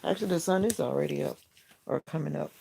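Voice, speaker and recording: A man's voice: on the high side, quick pace, creaky, heavy background noise. A man hosting a casual morning live stream from home, rambling and chatty, often correcting himself mid-sentence. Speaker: live stream host and content creator. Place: at home in the morning, near a window with bird feeders.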